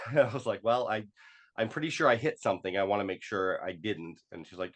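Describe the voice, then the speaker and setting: A man's voice: fairly low pitch, fast. A man talking as a podcast guest, telling a personal story with many fillers and restarts and acting out quoted dialogue.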